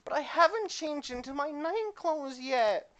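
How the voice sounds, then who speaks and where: A man voicing a clumsy, cheerful eighteen-year-old girl in a high, squeaky falsetto. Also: lively intonation, measured pace, fairly bright tone, dull audio, slight background noise, exaggerated voice. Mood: ditzy. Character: klutzy young woman, eighteen, silly and cheerful.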